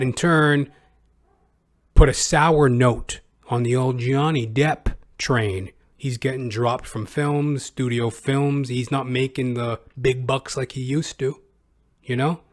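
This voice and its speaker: A male podcast host giving rambling, sarcastic commentary. He talks casually with plenty of profanity and filler. His pitch sits in a middling range.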